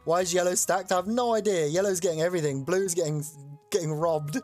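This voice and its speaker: A streamer hosting a chat-voted game live, excitable and loose, swearing casually while explaining the rules. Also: mid-range voice, quick pace, faint music behind.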